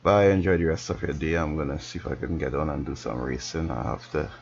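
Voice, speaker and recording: Very deep, gravelly, tired male streamer. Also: fairly even intonation, a little mellow. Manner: slow, mumbling, talks to himself. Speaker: gaming streamer. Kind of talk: casual gameplay commentary. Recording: dull lo-fi stream audio with background noise.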